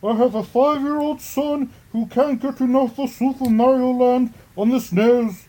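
A man reading a fan review aloud in a put-on, high, sing-song voice. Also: steady tone, measured pace, mellow, poor audio. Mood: mock earnest.

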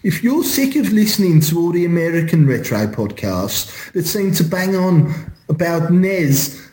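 A man's voice: a little high, very animated, measured pace, a little mellow, echoey room, rough recording. A man co-hosting a podcast, reading listener reviews with dry wit. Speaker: podcast co-host. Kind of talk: casual podcast chat, reading reviews aloud.

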